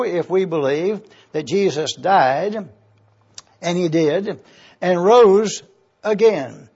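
A man preaching a sermon as pastor, teaching at a slow, deliberate pace and breaking down Greek words of a Bible verse. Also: high voice, darkish tone. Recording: dull lo-fi recording.

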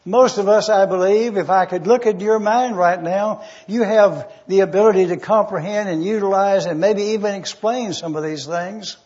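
A man preaching a sermon, teaching word studies with deliberate emphasis. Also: high-pitched, darkish tone, muffled recording. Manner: deliberate teaching, spelling out Greek words, rising emphasis.

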